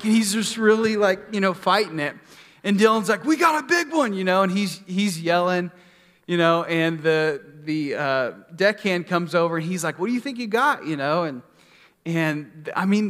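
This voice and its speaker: A man's voice: high-pitched, fairly bright tone, big-room sound. A male pastor telling a long personal story in a casual, rambling sermon, full of fillers and restarts.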